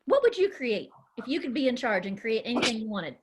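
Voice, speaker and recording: A woman leading a children's Bible lesson, animated and encouraging, calling on the children by name. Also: fairly high pitch, brisk, breathy edge. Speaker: children's ministry teacher.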